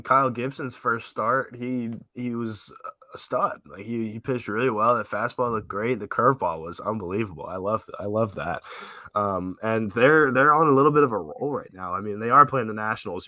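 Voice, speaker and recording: A sick, hoarse man co-hosting a sports podcast, rambling casually with lots of fillers. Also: on the low side, pushed and bright, dry recording. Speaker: podcast co-host.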